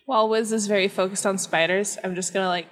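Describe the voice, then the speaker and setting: A woman's voice: medium pitch, fairly even intonation, quick pace. A woman playing a tabletop game in a joking, playful way. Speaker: player. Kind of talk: casual tabletop play.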